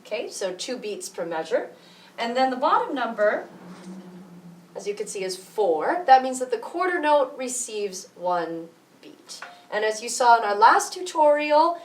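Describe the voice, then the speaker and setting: A woman music teacher explaining rhythm slowly and patiently, counting beats out loud. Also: a little high, very animated, recorded from a distance. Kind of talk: rhythm tutorial with counting aloud. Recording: echoey room, voice from off mic.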